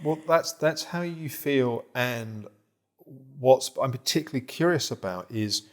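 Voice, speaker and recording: Calm reflective male therapist. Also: mid-range voice, a little slow. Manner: calm, reflective, explanatory, with frequent restarts. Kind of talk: therapy session guidance.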